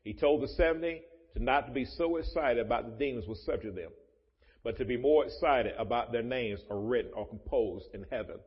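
Husky-voiced preacher in an echoey church. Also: male voice, medium pitch, a little fast. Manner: preaches with loud rising emphasis and joking asides. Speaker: pastor. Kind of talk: sermon. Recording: muffled, echoey church hall.

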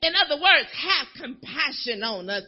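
Impassioned high-voiced woman preaching. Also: sing-song, normal speed. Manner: impassioned, rising to shouts then dropping to hushed pleas; repetitive call-and-response cadence. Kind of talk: sermon. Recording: dull lo-fi recording.

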